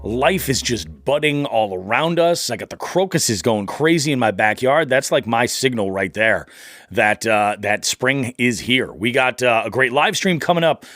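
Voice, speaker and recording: An upbeat middle-aged man hosts a casual fishing podcast in a dry, close-miked sound. He rambles along, circling back with fillers as he talks at a mid pitch. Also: expressive, normal speed, fairly bright tone, no room sound. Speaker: podcast host.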